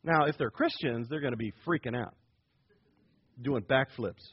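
A man's voice: medium pitch, normal speed, husky. A man preaching an evangelical sermon, emphatic, with big swings in volume and playful asides. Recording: dull lo-fi recording.

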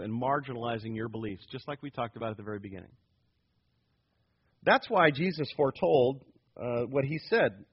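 A man's voice: mid-range voice, breathy edge. A man preaching an evangelical sermon, emphatic, with big swings in volume and playful asides. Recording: dull lo-fi recording.

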